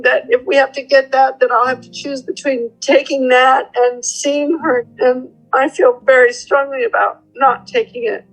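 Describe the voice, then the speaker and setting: An older woman speaks in a therapy session, her voice sitting a little high. She talks earnestly and haltingly, close to tears. Faint music plays underneath. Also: flat delivery, low-quality recording. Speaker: mother of the host. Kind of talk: emotional conversation in therapy.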